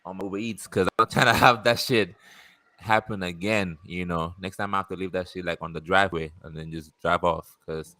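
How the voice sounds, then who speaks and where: A man casually telling an animated story about a delivery, laughing and swearing as he goes. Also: low-pitched, a little fast, no echo. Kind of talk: casual chat.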